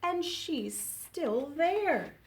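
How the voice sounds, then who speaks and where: Woman reading as a squeaky little baby bear. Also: very animated, very slow, heavily acted. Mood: excited. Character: small wide-eyed baby bear.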